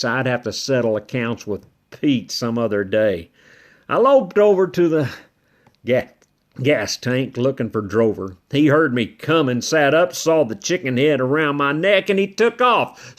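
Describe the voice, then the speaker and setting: A man's voice: a little high, animated. A man giving first-person storybook narration as a ranch dog, folksy in manner. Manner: folksy, slow-paced telling as a ranch dog. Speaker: audiobook narrator.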